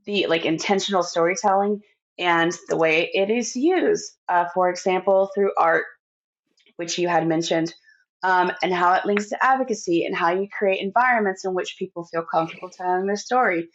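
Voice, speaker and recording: A woman's voice: on the low side, normal speed. A woman hosting a podcast interview, chatting enthusiastically and eagerly responding to her guest. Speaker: podcast host. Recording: dull lo-fi recording.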